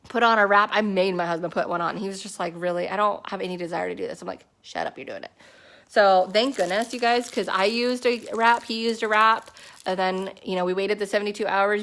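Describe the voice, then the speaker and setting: A woman in her thirties tells her own story in a loose, chatty way. She fills her talk with "like" and quick asides. Her voice sits at an ordinary middle pitch and lifts sharply when she quotes herself. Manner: chatty, animated storytelling with many fillers. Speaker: network marketing distributor. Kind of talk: casual personal testimony to a team.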